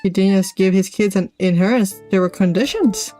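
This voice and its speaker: Woman reading a gossipy girl reporter, mid-pitched, plain read. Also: fairly quick, dark tone, soft background music, lightly acted. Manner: reads game dialogue aloud.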